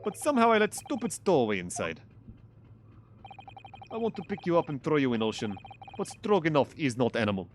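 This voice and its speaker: A man doing a gruff Russian sailor guard. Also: a little high, sing-song, brisk, pauses often, a little hiss or hum. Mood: boastful. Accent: Russian (put on). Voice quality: broken English, blunt and gruff.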